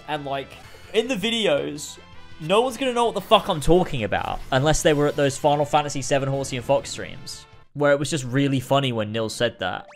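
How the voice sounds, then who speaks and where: Excitable swearing game streamer, man. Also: mid-range voice. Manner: excitable, swears, laughs a lot. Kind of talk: casual game reaction.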